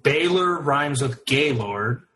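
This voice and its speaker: A man co-hosting a casual sports podcast, throwing in quick jokes and quips. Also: mid-range voice, animated, bright, forceful tone, faint music behind, rough recording. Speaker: podcast co-host.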